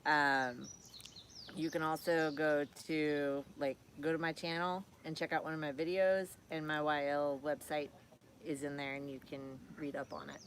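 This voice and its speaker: A woman co-hosting a casual outdoor livestream, relaxed and brief, with short quips. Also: low-pitched, normal speed, a little hiss or hum. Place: outdoors on a homestead.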